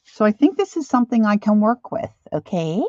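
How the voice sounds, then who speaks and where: A middle-aged woman chatting casually and self-deprecatingly while she draws, halting with fillers as she works. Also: medium pitch, big pitch swings, a little mellow, dry recording, lo-fi sound. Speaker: art journaling vlogger. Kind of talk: casual live drawing chat.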